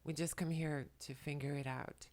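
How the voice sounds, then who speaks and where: A tearful woman at home, speaking to the camera in a soft, halting way while relaying messages, often dropping to a whisper. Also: low-pitched, steady tone. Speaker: spiritual channeler and makeup vlogger. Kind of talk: emotional channeling talk to camera. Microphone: camera mic, speaking to the camera.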